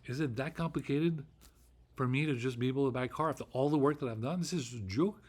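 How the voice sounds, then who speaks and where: A man's voice: medium pitch, quick pace, a little mellow, husky. A middle-aged man delivering a rambling solo vlog monologue, ranting, swearing often and repeating himself with frequent restarts. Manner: ranting, profane and repetitive, with restarts. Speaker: vlogger.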